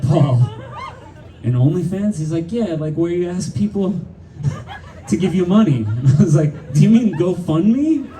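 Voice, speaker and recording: A man's voice: a little high, warm tone, a little hiss or hum. Distant middle-aged man joking on stage. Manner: loose, profane, laughing storyteller. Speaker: band singer on stage. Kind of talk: stage banter between songs. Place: live music venue stage. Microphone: stage vocal mic recorded from the crowd. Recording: distant live audience recording with band.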